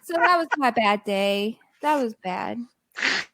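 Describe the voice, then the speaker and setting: A woman's voice: a little high, unhurried, no echo. A woman podcast guest telling a long story in casual, exasperated style, acting out the people in it. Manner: animated, exasperated storytelling with quoted dialogue.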